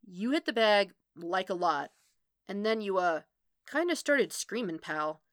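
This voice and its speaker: A woman voicing a stubborn young male college student who talks bluntly and pushes until he shouts. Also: medium pitch, animated, unhurried, no echo, clean studio sound, lightly acted. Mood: insistent. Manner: pushy, escalating to shouting.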